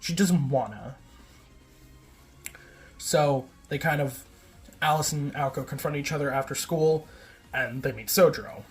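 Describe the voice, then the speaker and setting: A man's voice: a little high, unhurried, pauses often, faint music behind. A man giving a casual, rambling recap, often correcting himself and filling gaps with "like" and "um". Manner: rambling, self-correcting, filler-heavy. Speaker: video essayist.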